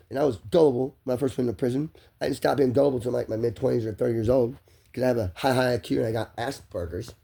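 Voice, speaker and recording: Fast-talking gravelly man ranting. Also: mid-range voice, mellow. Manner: heated, profane, repetitive. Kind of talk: agitated rant to camera.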